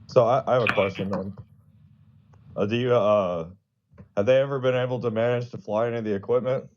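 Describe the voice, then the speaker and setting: A man's voice: mid-range voice, steady tone, a little fast, dull audio. A man asking probing questions in a casual chat, often repeating words as he starts.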